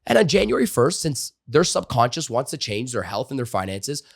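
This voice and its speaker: A man speaks as a guest in a conversational interview, telling stories about sales with a lively drive and a loose, filler-heavy delivery. His voice sits in an ordinary middle register. The recording is close and dry, with no room sound. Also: medium pitch, brisk, vocal fry, no room sound. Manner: animated storyteller, frequent "like" and "you know" fillers. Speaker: sales trainer and author, podcast guest.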